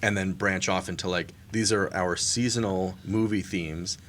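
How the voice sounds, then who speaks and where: Lowish-voiced guy cohosting a beer podcast, lots of ums and laughs. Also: steady tone, moderate pace, a bit bright, slight background noise. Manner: laughs often, many fillers and restarts. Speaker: podcast co-host. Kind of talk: casual chat.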